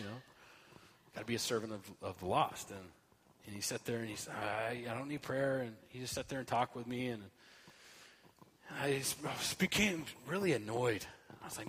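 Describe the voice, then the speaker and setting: A man giving a sermon as a guest speaker, telling a story in an animated, joking way that swings from loud to soft. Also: mid-range voice, brisk, long reverb tail, slight background noise.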